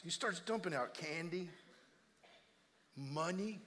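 An older man preaching a sermon in a church, moving between hushed storytelling and loud exhortation. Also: on the high side, animated, measured pace, big-room sound.

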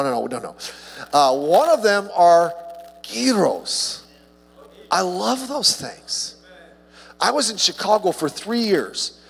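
A man preaching a casual evening sermon as a pastor, chatty and humorous, with his voice jumping higher when he gets excited about a story. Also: vocal fry. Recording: long hall reverb.

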